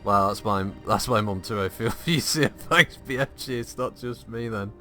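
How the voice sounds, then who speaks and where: A man giving casual, animated gaming commentary, laughing and swearing freely as he tells stories. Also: fairly low pitch, moderate pace, soft background music. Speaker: gameplay streamer.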